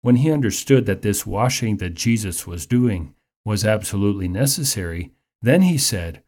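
A man preaching a sermon in a measured, explanatory teaching manner. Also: lowish voice, expressive, a little mellow.

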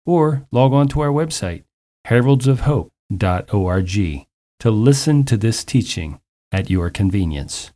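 A man hosting a radio ministry program, telling a story and giving announcements in an earnest, measured way. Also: fairly low pitch, expressive, mellow. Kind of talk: scripted radio ministry narration.

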